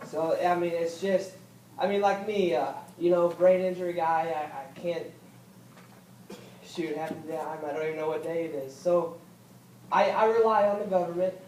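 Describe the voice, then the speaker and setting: Young male veteran speaker, fairly high voice, halting and earnest, picked up from across an echoey hall with faint noise. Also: a little mellow, far from the mic. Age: young adult. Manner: halting, earnest, repeats himself, rises when upset. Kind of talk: personal speech at a political event. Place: event hall.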